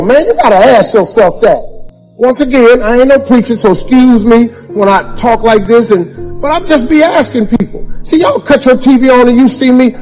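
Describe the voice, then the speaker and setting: Man, motivational speaker, high voice, rhetorical, hall reverb with music under. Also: darkish tone. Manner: preachy, emphatic, repetitive rhetorical questions; folksy Southern-style grammar. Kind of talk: motivational speech.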